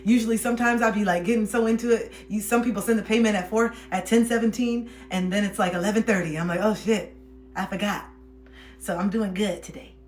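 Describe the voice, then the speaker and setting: A woman's voice: medium pitch, steady tone, fast talker, few pauses. A young woman chatting casually on a livestream while reading cards for viewers, laughing often and soothing when she reassures. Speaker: livestream card reader. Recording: roomy echo.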